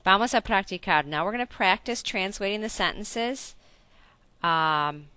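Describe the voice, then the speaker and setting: Bright, crisp woman teaching grammar. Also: mid-range voice, expressive, unhurried, no echo. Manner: explains step by step with frequent self-corrections and check-in questions. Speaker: Spanish teacher. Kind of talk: recorded video lesson.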